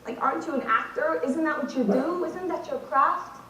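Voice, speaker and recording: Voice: high-pitched, normal speed, sharp tone, slight background noise. A teenage girl voicing a baffled male sitcom star who keeps asking questions, recorded far off in an echoey hall. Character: puzzled sitcom star, a man.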